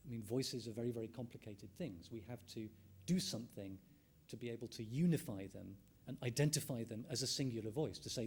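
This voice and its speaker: This middle-aged man, an ethnomusicologist, lectures at a conference at a measured pace, working through ideas aloud and restating with frequent ums. His mid-range voice is gravelly, darkish, and slightly rough.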